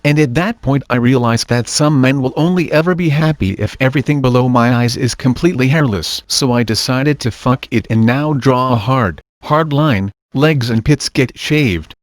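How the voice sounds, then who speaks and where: A man narrating online forum posts aloud in a steady, even reading delivery. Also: medium pitch, no echo, clean studio sound.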